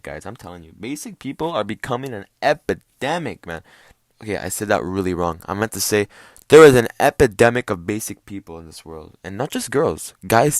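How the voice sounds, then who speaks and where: Young guy ranting casually, low dry voice. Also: no echo. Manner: profane, animated, jumps to loud squeaky mock voices. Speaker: podcast host. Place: bedroom.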